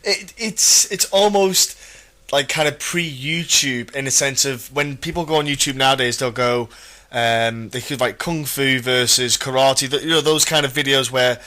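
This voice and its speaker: Eager, bright-toned podcast host. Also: male voice, medium pitch, normal speed. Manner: eager, stumbles and restarts often. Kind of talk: casual chat.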